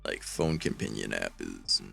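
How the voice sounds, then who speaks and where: Very deep, gravelly streamer. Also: male voice, sing-song, unhurried, a bit bright, faint music behind. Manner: rambling, wry and self-mocking. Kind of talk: casual stream chat, reading fanfiction aloud.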